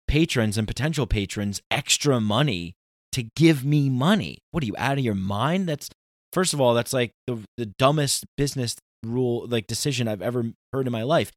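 A man's voice: medium pitch, normal speed, no echo, clean studio sound. A man hosting a podcast, talking in a casual, ranting monologue with emphatic outbursts. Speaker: podcast host.

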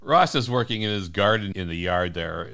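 A man's voice: lowish voice, expressive, normal speed, fairly bright tone, smooth. A man co-hosting a podcast, casually retelling movie scenes and laughing often as he talks. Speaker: podcast co-host. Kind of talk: casual film discussion chat.

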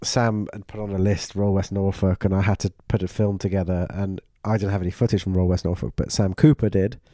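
A man hosting a casual golf podcast, relaxed and enthusiastic, asking easy questions. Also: low-pitched, brisk, dry recording, studio quality. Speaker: podcast host.

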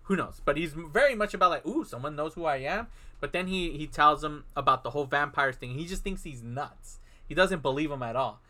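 A man with a bright, slightly high voice co-hosts a casual film podcast. He retells the plot in a loose, chatty way and briefly acts out each character's lines as he narrates. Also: fairly quick. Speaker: podcast co-host. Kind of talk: casual film recap chat.

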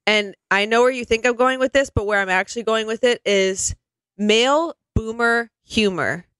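Woman co-host, sardonic and exasperated, smooth and dry up close, mid pitch. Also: moderate pace, a bit bright, no room sound. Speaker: podcast co-host. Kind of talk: casual comedic chat.

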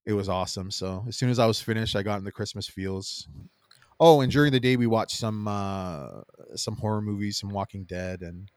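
A man co-hosting a podcast, rambling through animated stories and acting out what people said. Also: fairly low pitch, normal speed, clear, resonant tone, no echo, studio quality. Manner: rambling, animated storyteller who acts out quotes. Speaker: podcast co-host. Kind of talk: casual chat.

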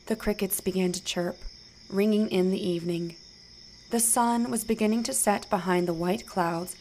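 Slow, gentle woman reading to children. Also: mid-range voice, a little hiss or hum. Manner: slow, gentle and interactive with young listeners. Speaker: children's storyteller. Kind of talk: children's Bible story narration.

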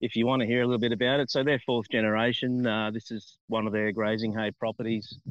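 A man's voice: fairly low pitch, level tone, fast, clean tone, no room sound. Laid-back Australian man on lo-fi call. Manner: friendly, laid-back, says mate a lot. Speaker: chef and guest. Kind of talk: casual interview chat. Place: outdoors on a farm under a shady tree. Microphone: phone on a tripod on a ute.

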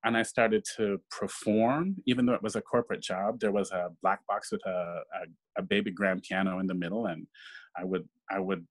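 A stage actor with a low voice speaks at normal speed as a guest in a casual interview. He tells stories with animation, acting out the voices of the people he quotes.

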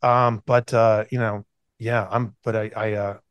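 A man's voice: on the low side, little pitch movement, measured pace, clear, resonant tone, dry recording, muffled recording. Guy rambling through a story on a podcast mic, dry close sound, lots of uh and like. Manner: rambling with many restarts and fillers. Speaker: podcast co-host, chef. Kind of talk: casual chat.

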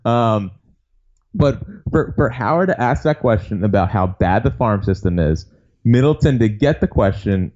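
A man's voice: on the low side, expressive, normal speed, darkish tone, lo-fi sound. A man co-hosting a sports podcast, talking casually with frequent laughs and incredulous remarks. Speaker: podcast co-host.

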